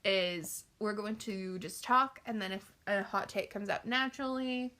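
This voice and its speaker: A young woman co-hosting a casual podcast with her mother, telling quirky stories in an animated way. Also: medium pitch, unhurried. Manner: animated storyteller, quirky, laughs. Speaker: podcast co-host, daughter. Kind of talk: casual chat.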